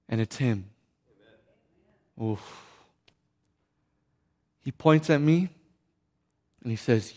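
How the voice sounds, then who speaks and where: A man preaching a sermon, telling stories dramatically and swinging from loud to hushed. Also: high voice. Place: church sanctuary. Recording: long reverb of a church sanctuary.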